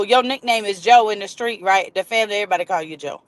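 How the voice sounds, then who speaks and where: A woman's voice: mid-range voice, quick pace, no room sound. A middle-aged woman, hosting a casual livestream, chatting and greeting viewers by name. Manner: chatty, reads and greets viewer comments aloud. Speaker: livestream host.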